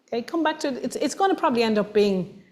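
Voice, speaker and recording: A woman with an Irish accent giving a lively, emphatic workshop talk to a room of people, now and then acting out what others say. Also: fairly high pitch, quick pace. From Ireland. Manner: animated, emphatic, acts out voices of others. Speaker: workshop presenter. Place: meeting room with audience.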